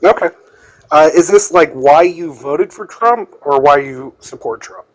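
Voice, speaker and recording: A man's voice: a little high, measured pace, low-quality recording. A man calling in to a debate stream, explaining his view hesitantly with many fillers. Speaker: debate caller. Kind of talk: casual debate call.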